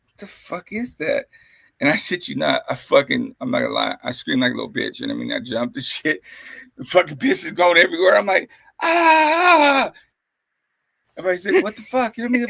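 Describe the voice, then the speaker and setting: A man with a deep gravelly fry and a husky, rough edge tells crude, animated stories, laughing and swearing through them. His tone is bright and forceful, and the sound is close and dry, like a streaming mic in a small room. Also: no room sound. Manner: profane, laughing, animated anecdotes. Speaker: co-host telling stories. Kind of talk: casual storytelling chat. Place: home streaming setup. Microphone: streaming microphone.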